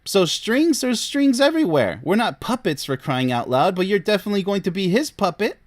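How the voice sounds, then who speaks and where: A man's voice: sits high, big pitch swings, brisk. A man, a relationship coach, reacting to a case with scolding, incredulous commentary and laughing between remarks.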